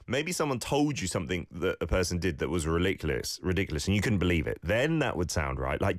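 A man's voice: sits low, very animated, fast, few pauses, no echo, clean studio sound. A male host who teaches phrases and gives playful, teasing feedback on listener clips, with exaggerated example intonation. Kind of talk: casual radio-style teaching.

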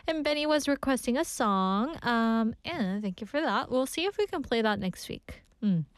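A woman's voice: fairly high pitch, lively intonation, normal speed, clear, resonant tone, dry recording. A young adult woman hosting a radio show, chatting casually, laughing and reading listener messages in a studio. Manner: chatty, laughs often, mixes in Korean phrases.

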